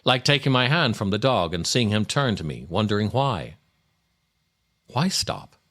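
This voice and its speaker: A man hosting a podcast and reading his own essays aloud, unhurried and reflective, with a wry, dry humor. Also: on the low side, sing-song, fairly bright tone. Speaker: podcast host.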